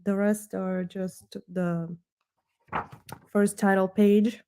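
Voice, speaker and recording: Slow-talking woman, mellow chatty voice. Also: medium pitch, little pitch movement, clear, resonant tone. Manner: chatty, joking, rambling asides. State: a bit out of breath. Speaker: live stream host. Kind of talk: casual live stream chat. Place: Texas.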